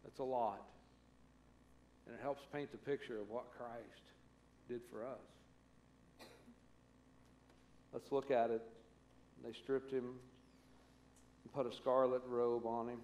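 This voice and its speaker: A man's voice: medium pitch, steady tone, slow, pauses often, darkish tone, echoey room, a little hiss or hum. A man preaching a conversational sermon as pastor, acting out the voices he quotes. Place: church sanctuary.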